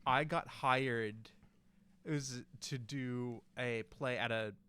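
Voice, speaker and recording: A young man in relaxed podcast conversation, telling a long story. He rambles, circling back through fillers and false starts. His voice sits at an ordinary middle pitch. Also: slow, clean tone. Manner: rambling, many restarts and fillers. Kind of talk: casual chat.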